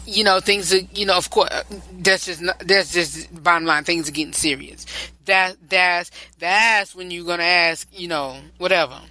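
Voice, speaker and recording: A man's voice: high-pitched, sharp tone, low-quality recording. A male podcast host giving relationship advice in a rambling, repetitive and preachy solo talk.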